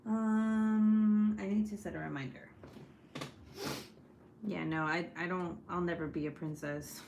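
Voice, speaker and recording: A woman's voice: sits low, moderate pace, gravelly, highs cut off, background noise. A woman chatting casually with her viewers during a live stream, talking loosely, laughing a lot and swearing freely. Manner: chatty and profane, laughs often. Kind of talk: casual chat.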